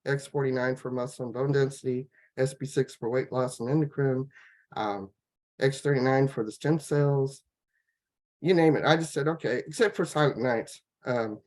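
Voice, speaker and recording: A woman on a laptop video call, telling her personal health story in a rambling, halting way, full of fillers and restarts. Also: a bass voice, a little mellow. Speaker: guest sharing a health testimonial. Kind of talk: casual personal testimony.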